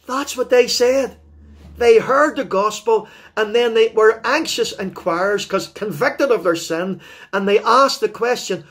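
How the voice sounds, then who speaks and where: Northern Irish male preacher, high pitch, fervent evangelistic sermon delivery with repeated appeals. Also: moderate pace. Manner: fervent, repetitive appeals to the listener.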